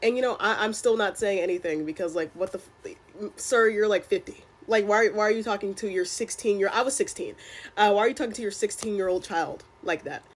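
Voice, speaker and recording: A woman's voice: mid-range voice, brisk. A young woman casually telling a personal story, chatty and exasperated, with lots of filler words. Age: young adult.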